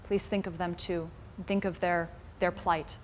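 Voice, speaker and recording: A woman voicing a gentle, pleading deer. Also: fairly low pitch, level tone, normal speed, lightly acted. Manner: soft, pleading, heartfelt. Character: gentle, compassionate male banyan deer leader. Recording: faint room noise in a live class.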